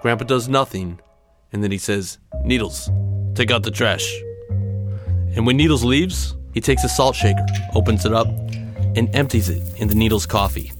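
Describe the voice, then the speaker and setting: A man's voice: lowish voice, fairly quick, over music. A man telling a dramatic personal story in punchy, short clipped phrases.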